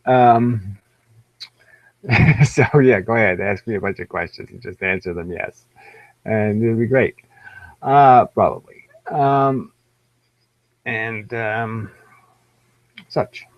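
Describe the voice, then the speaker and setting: A man's voice: on the low side, slow pace, pauses often, no echo. Rambling, swearing American man on a livestream. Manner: rambling, profane, wry, self-mocking. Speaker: livestream host. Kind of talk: rambling live-stream monologue. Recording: dull lo-fi livestream audio.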